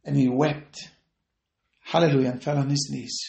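A man preaching a fervent podcast sermon and prayer, repeating phrases and rising to shouted peaks. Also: medium pitch, level tone, moderate pace, gravelly, echoey room.

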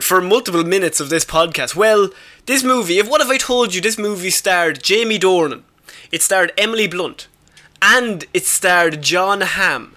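Irish male co-host, bright forceful voice, chatty and laughing, leads the talk. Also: high voice, animated, moderate pace. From Ireland. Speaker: podcast co-host. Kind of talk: casual chat.

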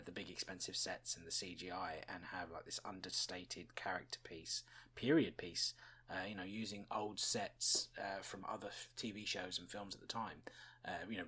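A man's voice: sits low, pushed and bright, breathy edge. A man hosting a podcast, musing chattily about a TV episode with fillers and chuckles. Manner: chuckles often. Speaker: podcast host reviewing a TV episode. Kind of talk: casual spoken commentary.

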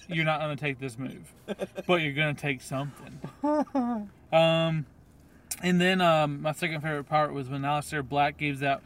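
A man's voice: a little high, a bit bright. A man co-hosting a wrestling podcast, chatting casually and rambling with lots of ums and little laughs. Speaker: podcast co-host. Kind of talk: casual chat.

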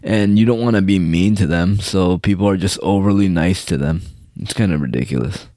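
Low-voiced young man ranting profanely. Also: brisk, warm tone, dry recording, clean studio sound. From United States. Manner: profane, rambling, mocking. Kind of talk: casual ranting monologue.

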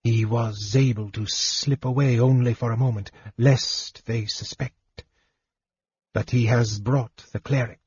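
A man voicing an apologetic reptilian soldier messenger in an audiobook, speaking in a soft whisper. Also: mid-range voice, steady tone, a little slow, breathy edge, highs cut off. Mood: secretive. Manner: whispers softly.

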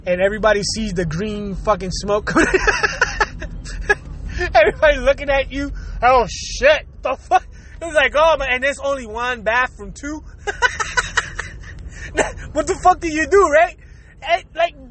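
High-pitched guy cracking himself up telling a gross story, bright tone, faint street noise. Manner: giggly, laughs through his words, crude and animated. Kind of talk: comedic storytelling monologue.

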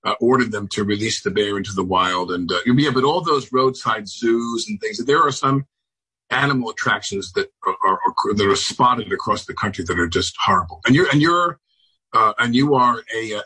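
Husky guy on a video call from home, bright edgy tone, keeps restarting, deadpan jokes. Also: fairly low pitch, rough recording. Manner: halting, many restarts, dry sardonic humor. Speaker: celebrity guest. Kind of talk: casual interview chat. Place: home on Long Island.

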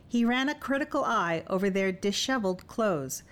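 A woman narrating an audiobook in a measured, expressive reading. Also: fairly high pitch.

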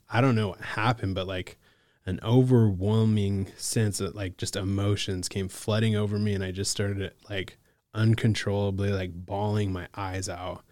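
A man from Alaska, a case manager, telling his recovery story in a relaxed, casual way, full of "like" and "bro" and quick laughs. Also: on the low side, no echo, studio quality. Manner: laid-back, lots of "like" and "bro", laughs often. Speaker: podcast guest, case manager.

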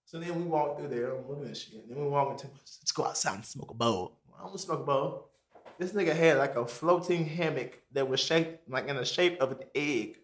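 A young man telling a long story to friends in a casual chat. He swears freely, mumbles his asides and jumps into high squeaky voices when he quotes himself. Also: brisk.

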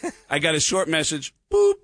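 Husky comedian telling stories. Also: male voice, fairly high pitch, fairly quick. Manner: animated storyteller who slips into impressions. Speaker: comedian guest. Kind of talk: casual chat, comic storytelling.

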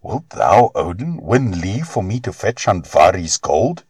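A man's voice: low voice, sing-song, unhurried, darkish tone, breathy edge, heavily acted. A man voicing a sly, scornful male trickster god with a sneering, mocking way of talking, in a storybook reading.

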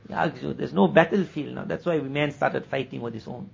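A man's voice: mid-range voice, gravelly, slight background noise. Man preaching in a dull lo-fi recording. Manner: conversational, acts out quoted dialogue; recites Arabic scripture passages rapidly. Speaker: religious teacher. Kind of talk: sermon at a weekly gathering.

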